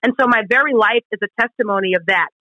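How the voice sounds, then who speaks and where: A woman's voice: a little high, quick pace, sharp tone, no echo, rough recording. Emphatic woman teaching on Christian radio. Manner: earnest, emphatic, acts out quoted questions. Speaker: radio co-host.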